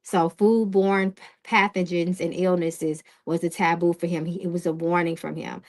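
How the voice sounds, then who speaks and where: A woman's voice: lowish voice, flat delivery, normal speed. A woman hosting a live-stream tarot reading who talks in a direct, casual way. She often checks in with "okay?" and greets viewers in the chat.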